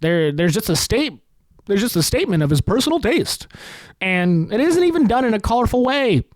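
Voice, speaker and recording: A man's voice: high-pitched, sing-song, moderate pace, dry recording. A man hosting a comedy podcast, delivering a sarcastic, profane rant. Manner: ranting, sarcastic, heavily profane.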